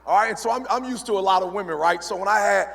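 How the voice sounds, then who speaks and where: A middle-aged man drives home his motivational speech in a punchy, preacherly way, checking in with the crowd. His voice sits high and rough with a gravelly fry. It is heard through a stage microphone with the long reverb of a big event hall. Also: fast, fairly bright tone. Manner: preacherly, punchy call-and-response. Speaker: motivational speaker.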